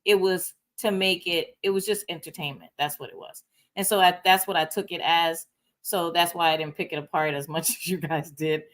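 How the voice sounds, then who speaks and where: A woman sharing her opinion on a review panel over a video call. She is earnest and fills pauses with ums. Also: fairly low pitch, steady tone. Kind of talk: casual panel review chat.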